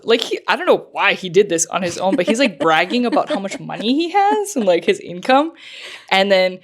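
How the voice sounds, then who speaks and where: A woman's voice: mid-range voice, animated, normal speed. A woman co-hosting a podcast, casually retelling a story with lots of fillers and laughs. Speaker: podcast co-host. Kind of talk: casual chat.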